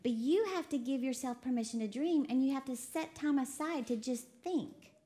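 High-pitched lady preaching, lively and laughing a lot, from texas. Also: normal speed. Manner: lively, laughs often, quotes voices. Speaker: preacher co-hosting a broadcast. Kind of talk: sermon to a women's audience.

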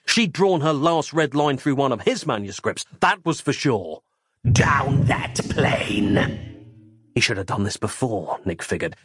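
Brief: male narrator, mid pitch, dramatic measured audiobook read, dry studio sound. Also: fairly bright tone, dry recording.

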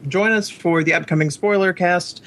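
A man's voice: high voice, steady tone, moderate pace, fairly bright tone. A man hosting a podcast in casual chat, hesitant, with many fillers and restarts. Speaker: podcast host.

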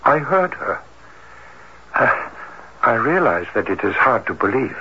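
An actor playing a cautious, formal doctor who speaks earnestly and hesitantly in a 1970s radio drama. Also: male voice, mid-range voice, big pitch swings, a little slow, bright, forceful tone, breathy edge, heavily acted. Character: cautious, formal male doctor, a man of science. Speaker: cardiologist. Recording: dull lo-fi vintage radio with faint hiss.

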